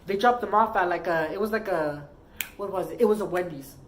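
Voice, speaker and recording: A woman tells a long personal story in a casual, meandering way, leaning on "like" and restarting her sentences often. Her voice sits a little low for a woman. A faint hiss of noise runs under the recording. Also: fairly quick, low-quality recording. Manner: rambling, heavy use of "like".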